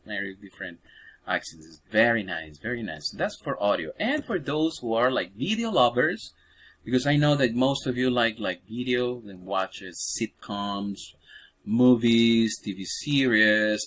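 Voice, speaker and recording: A man's voice: on the low side, a bit bright. A man teaching an online English lesson. He repeats words often, with many fillers and restarts. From Venezuela. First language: Spanish.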